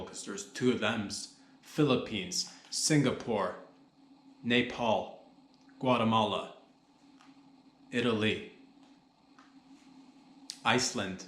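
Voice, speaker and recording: A man's voice: medium pitch, fairly bright tone. A man hosting a solo comedy podcast, rambling loosely, joking and swearing as he goes. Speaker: podcast host. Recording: echoey room.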